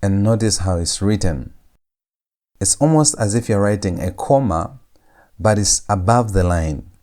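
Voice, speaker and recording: A man teaching a language lesson, saying each letter sound over and over in a drawn-out, patient way. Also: lowish voice, animated, darkish tone. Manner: repeats each sound several times, drawn out. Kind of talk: slow lecture on letter pronunciation.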